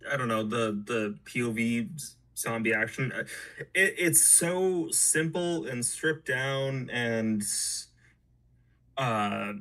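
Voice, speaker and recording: A man reviewing horror movies in a hesitant, halting casual chat, full of fillers. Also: medium pitch, fairly bright tone, low-quality recording. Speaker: podcast co-host.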